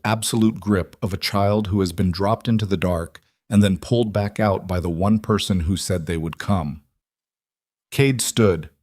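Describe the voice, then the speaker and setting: A man reading a scripted dramatic story in a measured, somber way. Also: fairly low pitch, darkish tone, no echo, studio quality. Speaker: narrator.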